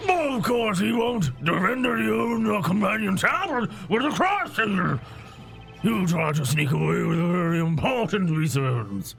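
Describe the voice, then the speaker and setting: A man reading out a grovelling game vigilante, eager and servile, with a gravelly edge over a slightly raised pitch. He sits a bit off the mic, with faint music behind. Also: sing-song, normal speed, a bit bright, full character voice. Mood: accusing. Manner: relishing, servile storytelling.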